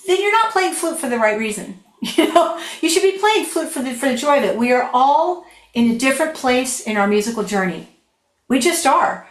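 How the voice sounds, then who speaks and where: A woman's voice: high-pitched, brisk, roomy sound. A woman teaching a flute masterclass over a video call, chatty and enthusiastic. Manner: chatty, enthusiastic, animated storytelling.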